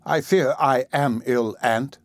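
A man voicing a frail, frightened young lady who speaks in a faltering way, a bit higher than his own voice. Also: takes it slowly, dry recording. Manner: faltering, breathy with fear.

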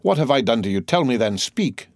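A man reading aloud, voicing a frantic, grief-stricken male magistrate with shrill, anguished outbursts. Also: sing-song, fairly quick, darkish tone, no echo. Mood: desperate.

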